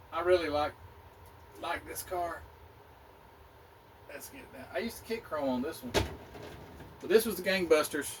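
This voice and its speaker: A man's voice: mid-range voice, darkish tone. Chatty Southern man in his workshop. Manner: rambling, chatty, self-interrupting. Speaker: model car builder and channel host. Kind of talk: casual off-the-cuff workshop chat.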